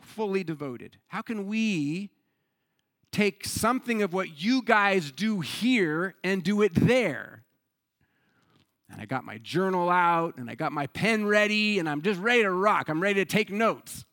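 Male pastor, sermon delivery, animated conversational storyteller, bright voice, dry close sound. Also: sits high, measured pace, dry recording. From United States.

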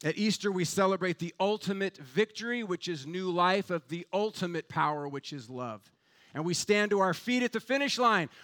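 A pastor delivers an impassioned sermon, his voice sitting fairly high for a man. He preaches with fervent, building emphasis, pressing each point with rhetorical questions. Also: fairly bright tone.

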